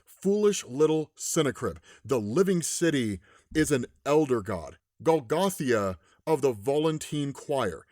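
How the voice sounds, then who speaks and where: A man voicing a menacing, possessed godlike male monster from a comic, in a slow, lowered, taunting delivery. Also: lively intonation, darkish tone, no echo, clean studio sound, lightly acted.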